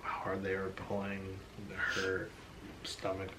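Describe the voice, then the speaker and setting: A young man at home casually telling his side of a birth story, animated and acting out what others said. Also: low-pitched, slow, very noisy. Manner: animated, acts out quotes, says like a lot. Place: home at night.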